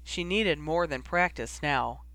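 Bright-voiced man reading fiction. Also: a little high, measured pace, dry recording. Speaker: audiobook reader. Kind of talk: fan fiction narration.

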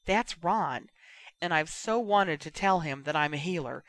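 A man's voice: fairly high pitch, lively intonation, a little slow, fairly bright tone. Man voicing a fiery eager teenage girl. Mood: excited. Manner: heated, eager, pleading. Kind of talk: audiobook character voice.

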